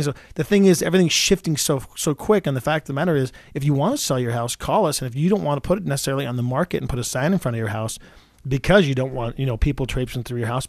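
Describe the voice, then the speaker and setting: Fast-talking man in his forties. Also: medium pitch, no echo, studio quality. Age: 40s. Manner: rapid, with frequent restarts and repeated words. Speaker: real estate agent and show host. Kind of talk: casual radio talk.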